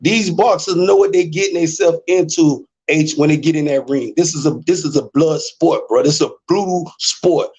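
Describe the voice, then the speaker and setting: A man's voice: fairly high pitch, moderate pace, hardly any pauses, a little mellow, slightly rough. A man with a Memphis accent talking in a rambling, laid-back way during a casual debate. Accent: Memphis, Southern US. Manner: rambling, laid-back, fillers like you know what I'm saying. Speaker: co-host, debate guest. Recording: muffled lo-fi audio.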